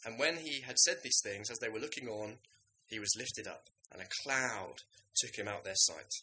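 A man preaching a sermon in a lively, conversational way, now and then acting out the voices of biblical figures. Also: lowish voice, moderate pace, a little hiss or hum, rough recording.

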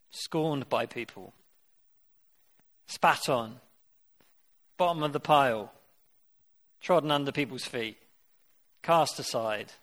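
A man's voice: medium pitch, a bit bright. A man preaching a sermon. He reads scripture aloud and then puts questions directly to his listeners. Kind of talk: interactive sermon.

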